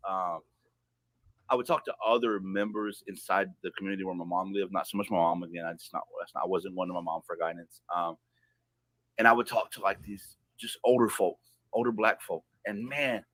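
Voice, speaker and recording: A man on a podcast telling a personal story in a heated, profane way, swinging from loud outbursts to hushed asides. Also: sits low, steady tone, fairly quick, no room sound. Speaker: podcast guest.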